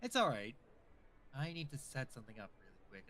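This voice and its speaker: Lively, bright man chatting on stream. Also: mid-range voice, fairly quick, slight background noise. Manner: animated, jumps between topics. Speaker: guest co-player. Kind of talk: casual gaming stream chat.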